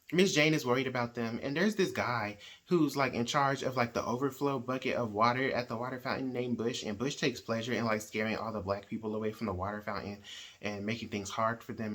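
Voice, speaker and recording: Man, book channel host, casual plot recap, chatty and animated, mid-pitched voice. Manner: animated storyteller who acts out quoted characters; conversational, with frequent "like" and "right?". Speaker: book reviewer hosting a reading channel.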